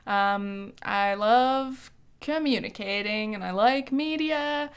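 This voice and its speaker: A woman's voice: medium pitch, takes it slowly, clean tone. A woman in her early twenties hosts a podcast in a casual, snarky monologue, swearing freely and saying "like" a lot. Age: early 20s. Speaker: podcast host.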